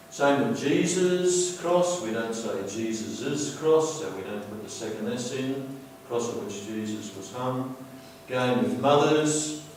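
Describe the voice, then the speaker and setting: A man teaching a grammar lesson over slides, explaining patiently and repeating himself, slowing down to stress key words. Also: on the low side, a little mellow, a little hiss or hum. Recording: very echoey room, distant mic.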